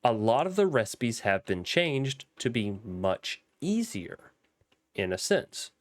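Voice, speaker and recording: A man's voice: mid-range voice, big pitch swings, slow pace, no room sound. A young man with a Southern accent, rambling through casual gameplay commentary with frequent ums and restarts. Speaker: Minecraft modpack let's player.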